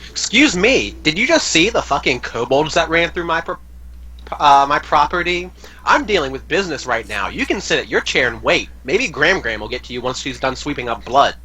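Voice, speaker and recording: Guy doing a snappy fed-up café owner, pitched up and loud, bright edge. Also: sing-song, normal speed, slightly rough, exaggerated voice. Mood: irritated. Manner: snappy, indignant. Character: irate male coffee-shop proprietor, short-tempered.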